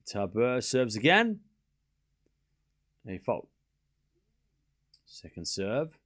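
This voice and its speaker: A man hosting a live tennis watchalong stream, calling each rally shot by shot and chatting with his viewers in an excitable way. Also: mid-range voice, moderate pace. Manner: excitable, calls rallies shot by shot and talks to chat. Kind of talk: live play-by-play commentary and chat.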